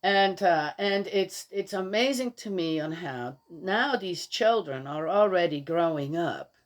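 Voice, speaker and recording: A woman's voice: lowish voice, animated, a little slow. Chatty opinionated older woman. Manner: chatty, opinionated, exasperated storytelling; frequent restarts and laughs while talking. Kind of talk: casual rambling monologue.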